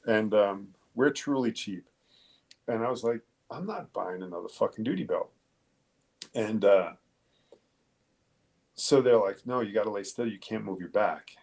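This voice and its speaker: A middle-aged man from Long Island, New York, a police detective telling his story in a casual interview, halting and profane, with many fillers and restarts. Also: on the low side, a little mellow.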